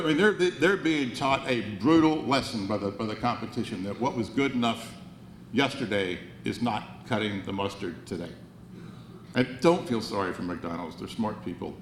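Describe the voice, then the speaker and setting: A man's voice: fairly low pitch, expressive, moderate pace. Older man giving an earnest banquet speech. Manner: earnest, wry, with frequent restarts. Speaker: banquet speaker. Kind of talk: motivational speech. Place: banquet hall. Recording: roomy hall, faint noise.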